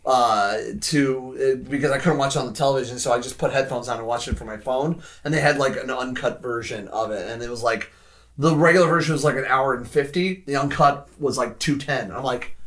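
A man's voice: mid-range voice, fairly quick, a bit bright. Man, podcast co-host, easygoing film chat, loose and rambling, filler-heavy. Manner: rambling, heavy use of "like", frequent restarts. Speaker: podcast co-host discussing films. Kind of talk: casual chat.

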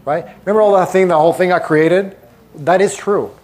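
Energetic man teaching a seminar. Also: high-pitched, brisk. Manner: energetic, emphatic, addresses the audience directly. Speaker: motivational speaker. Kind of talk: live seminar talk.

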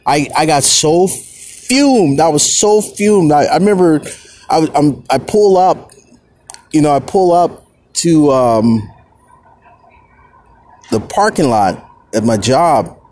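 Animated man ranting in casual talk. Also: slow, long pauses. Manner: animated storytelling, swings from low mutters to heated outbursts. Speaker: podcast host. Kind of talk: casual solo monologue.

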